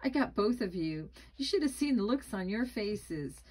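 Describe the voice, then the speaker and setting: A woman voicing a teenage boy who gloats over a prank, with a slightly gravelly voice. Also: medium pitch, expressive, normal speed, a little mellow. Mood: gloating. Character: teenage boy pranking friends in a creepy mask.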